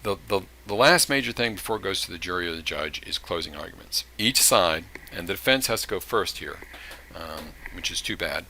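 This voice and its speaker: A man's voice: low-pitched, expressive, fairly quick, bright, forceful tone, a little hiss or hum. A man teaching criminal justice in a recorded lecture, talking casually and acting out short examples. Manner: conversational, with acted-out examples and asides.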